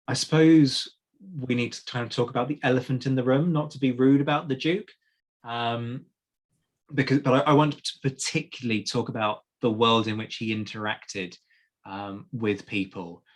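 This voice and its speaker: A man's voice: medium pitch, fairly even intonation, normal speed. A man hosting a history podcast, talking in an enthusiastic, chatty way with frequent restarts. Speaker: podcast host. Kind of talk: casual podcast chat.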